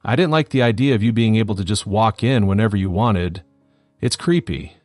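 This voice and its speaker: A man's voice: on the low side, a little fast, darkish tone, no echo, soft background music, lightly acted. A man reading the lines of a rude young woman who speaks curtly and mutters. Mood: scornful. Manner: curt, muttering.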